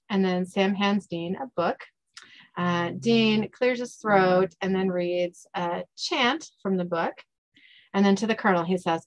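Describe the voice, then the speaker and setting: A woman hosting a podcast, chatty and quick to laugh, recapping a TV episode. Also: mid-range voice, no echo. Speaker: podcast host.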